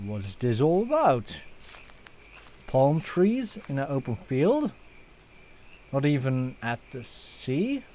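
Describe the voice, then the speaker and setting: Slow-talking man doing game commentary. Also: medium pitch, sing-song, warm tone, a little hiss or hum. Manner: joking, swears, frequent fillers. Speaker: gaming channel host. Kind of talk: let's play commentary.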